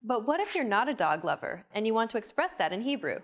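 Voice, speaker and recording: A woman narrating a scripted language lesson in a clear, upbeat, explaining manner. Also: on the high side, very animated, fast talker.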